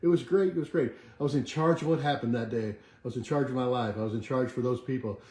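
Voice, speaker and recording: An older man leading a motivational talk from his home kitchen, repeating affirmations slowly and letting them trail off softly. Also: mid-range voice, echoey room. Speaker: chiropractor leading a weekly motivational march. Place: home kitchen with a bay window.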